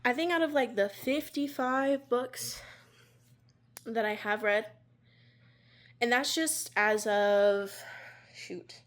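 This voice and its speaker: A woman's voice: on the high side, slow pace, pauses often. A young woman chats casually about her reading. She rambles and fills her talk with fillers. She is recorded on a phone at home beside her bookshelf. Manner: rambling, filler-heavy, chatty. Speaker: book vlogger. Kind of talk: casual vlog chat.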